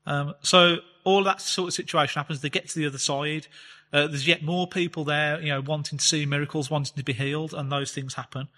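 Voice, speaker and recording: Bright man teaching scripture. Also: on the high side, fairly even intonation. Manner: reads scripture slowly, explains in a chatty way with fillers. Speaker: Bible teacher. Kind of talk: conversational Bible teaching talk. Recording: long reverb, hall-like space.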